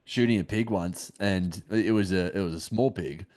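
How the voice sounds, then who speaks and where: A man's voice: deep voice, moderate pace, darkish tone. A young man, a podcast host chatting easily and reacting with short exclamations. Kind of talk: casual interview chat.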